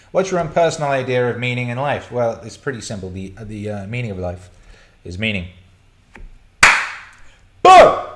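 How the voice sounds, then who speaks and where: A man hosting a casual live stream, reading chat questions and rambling, swearing and laughing often. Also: fairly low pitch. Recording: roomy echo.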